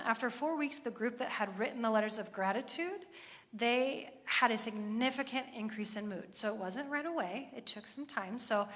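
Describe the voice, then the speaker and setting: A woman's voice: a little high, a bit bright. A woman in her thirties giving a chatty, earnest sermon with lots of asides. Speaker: church speaker. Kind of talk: conversational sermon. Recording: echoey hall.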